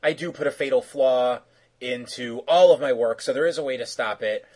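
Cartoon smith god, smug and sly, slightly husky, voiced casually by a man. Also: medium pitch, normal speed, a little mellow, close to an everyday voice. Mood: smug teasing. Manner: smug, teasing.

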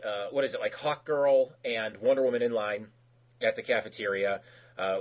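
A man recapping a cartoon episode in casual chat, rambling with lots of fillers and restarts, and acting out quoted characters in raised voices. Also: fairly low pitch.

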